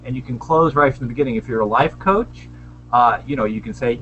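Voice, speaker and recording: A man's voice: medium pitch, brisk, a bit bright, lo-fi sound, slight background noise. A man on a panel, chatty and self-deprecating, giving sales tips in a casual video call discussion. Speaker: panelist, small business owner. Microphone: video call webcam.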